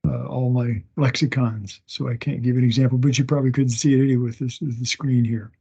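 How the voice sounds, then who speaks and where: A man teaches a class over an online meeting from his home, taking his time and repeating words as he sounds them out. His voice is low in brightness and has a husky, gravelly texture. The meeting audio sounds dull and lo-fi. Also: steady tone. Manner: slow, halting, with many restarts and fillers. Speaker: instructor. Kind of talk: recorded class lecture. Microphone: online meeting recording.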